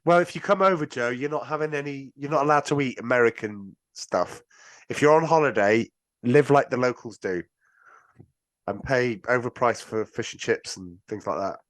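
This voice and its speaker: A British man hosts a casual podcast, joking and teasing his guest in easy banter. His voice sits at a middling pitch and sounds dry and close, with no room around it. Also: moderate pace, no room sound. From Britain. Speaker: podcast host.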